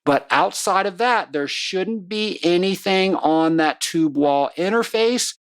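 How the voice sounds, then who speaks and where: A podcast host giving a folksy, self-deprecating solo talk in an emphatic, teaching way. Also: mid-range voice.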